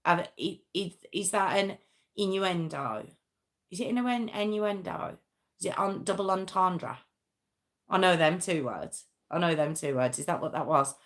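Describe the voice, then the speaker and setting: A woman's voice: fairly low pitch, bright, forceful tone. Chatty woman hosting a live stream. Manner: chatty, self-mocking, answers comments as she talks. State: sore arm. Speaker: true crime livestream host. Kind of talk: casual live chat with viewers.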